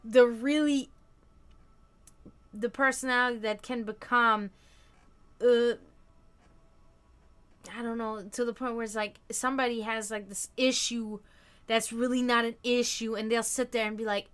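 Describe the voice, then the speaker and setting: A woman's voice: fairly high pitch, steady tone, normal speed, long pauses, smooth. A woman hosting a casual livestream, chatting loosely with her viewers, full of fillers and restarts. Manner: chatty, answers chat comments, many fillers and restarts. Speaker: livestream host.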